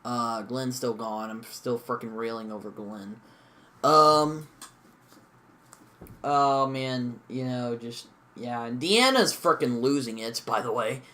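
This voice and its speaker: Young man, casual show review, rambling with fillers, bright tense voice, mid pitch. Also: slow pace. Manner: rambling, lots of fillers and mild swearing.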